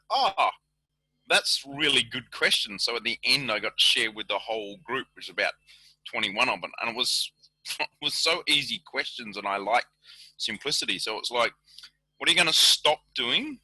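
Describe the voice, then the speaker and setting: Bright-voiced man on a live call. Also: mid-range voice, no room sound, low-quality recording. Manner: relaxed, laughs between phrases. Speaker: call participant. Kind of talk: casual chat on a live call. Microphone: video call.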